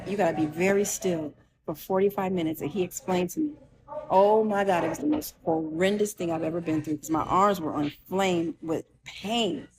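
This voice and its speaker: A woman telling a true personal story with emotion, acting out the voices of the people in it, with restarts and asides. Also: medium pitch. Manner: animated, acts out quoted voices, with restarts.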